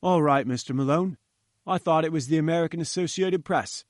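Big gruff gatekeeper , played by a man, blunt, a bit higher than usual. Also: fairly quick, dry recording, clean studio sound, lightly acted. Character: huge gruff male gatekeeper.

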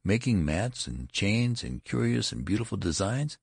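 A man narrating a story aloud in a measured, expressive way. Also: fairly low pitch, creaky, breathy edge, no room sound, studio quality. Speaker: audiobook narrator. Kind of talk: scripted narration.

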